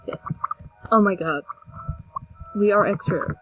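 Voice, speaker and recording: A woman's voice: medium pitch, takes it slowly, soft background music, poor audio. A young woman giving casual, chatty commentary over a game she is playing, mocking herself and now and then dropping into a whisper. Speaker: gameplay video maker.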